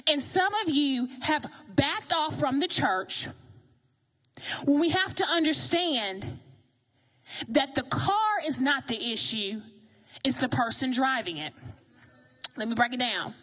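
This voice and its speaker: A woman preaching a sermon in a lively, conversational way, often asking the congregation questions. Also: sits high, slow pace, pauses often.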